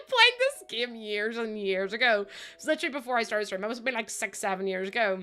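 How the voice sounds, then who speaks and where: Chatty bright-voiced young woman. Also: on the high side, expressive, moderate pace. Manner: chatty, rambling storyteller who laughs often. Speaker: game streamer. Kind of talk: casual chat while streaming. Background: faint background music.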